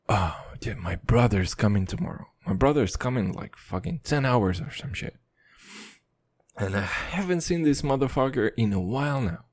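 A man's voice: medium pitch, moderate pace, dry recording. A man rambling through profane stories in a casual late-night monologue, laughing now and then. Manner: animated, laughing between lines. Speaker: vlogger.

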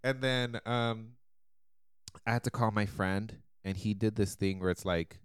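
A man co-hosting a podcast, telling a story with animated energy and laughing often. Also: on the low side, measured pace, clean tone, no echo, studio quality. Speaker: podcast co-host. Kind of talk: casual chat.

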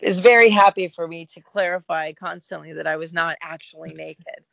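A middle-aged woman, a guest actor, talking in a relaxed, reflective interview about her career. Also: on the low side, normal speed, creaky, lo-fi sound. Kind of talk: casual interview chat.

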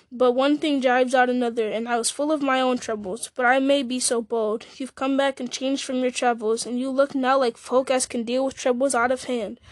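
A woman's voice: high voice, no room sound, studio quality, close to an everyday voice. A woman reading the lines of a chatty, apologetic male innkeeper.

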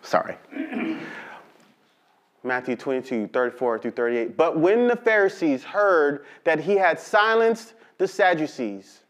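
A man preaching a sermon, reading scripture slowly and telling lively stories with call-and-response. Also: on the high side. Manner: animated storytelling with call-and-response to the congregation; slow, drawn-out emphasis on scripture. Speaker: pastor.

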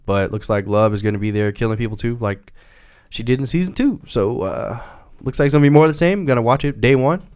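A man's voice: mid-range voice, quick pace, a little mellow, smooth. A man co-hosting a casual pop-culture podcast, blunt and sarcastic, swearing casually. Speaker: podcast co-host.

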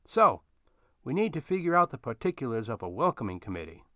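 A man's voice: medium pitch, very animated, a little fast, pushed and bright, dry recording, clean studio sound. A man voicing a courteous, slightly curt older man who acts as unofficial mayor of his street.

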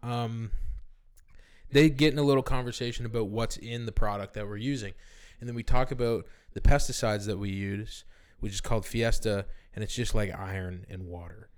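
A man's voice: lowish voice, fairly even intonation, normal speed, a little mellow, smooth. A young man co-hosting a podcast, telling stories in casual chat and laughing often. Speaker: podcast co-host.

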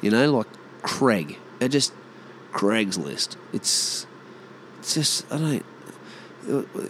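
A man's voice: medium pitch, slow, fairly bright tone, slight background noise. A man with an Australian accent, rambling in a casual monologue and ranting bluntly with plenty of swearing.

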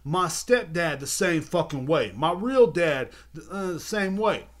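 A man's voice: on the high side, lively intonation, measured pace. A young man hosting a podcast, ranting heatedly and repeating himself with constant swearing. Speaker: podcast host. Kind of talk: profane rant. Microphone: video podcast mic.

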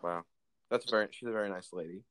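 A man's voice: low voice, fast, fairly bright tone, smooth. A young man hosting a casual chat, teasing his guest and joking about himself. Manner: joking, self-deprecating. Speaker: host.

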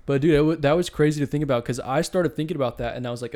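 A young man co-hosting a podcast in casual chat, loose and animated, throwing "dude" into most sentences. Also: a little high, very fast, few pauses. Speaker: podcast co-host.

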